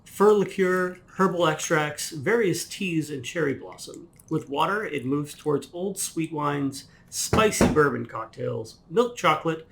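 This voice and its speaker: A man co-hosting a whisky tasting, briskly reading out tasting notes. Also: on the high side, animated, vocal fry, a bit bright, slight background noise.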